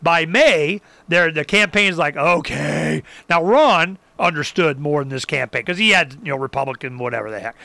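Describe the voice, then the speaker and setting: This Arizona man's voice runs on the high side and sounds creaky, moving at normal speed with few pauses, on a dry recording. In casual political talk he tells animated stories, imitating others' lines and now and then whooping.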